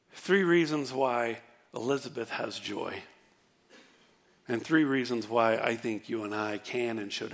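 A man delivering a sermon in a fairly high voice. He preaches with animation, swinging from loud, emphatic bursts to low, hushed passages. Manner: animated preaching, rising to near-shouts and dropping low. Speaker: pastor.

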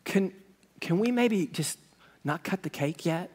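A timid working woman, her voice pitched high and breaking into halting repeats, as a man acts her out in a sermon story. She pleads softly and hesitantly. Her words trail off into a long echo from a big sanctuary. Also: expressive, breathy edge, full character voice. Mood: timid pleading. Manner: hesitant, soft and stammering.

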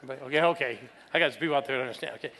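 A man's voice: mid-range voice, very fast, sharp tone, in a large hall. A man in his sixties, a pastor telling a personal story in a sermon, playfully drawing in the audience. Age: 60s.

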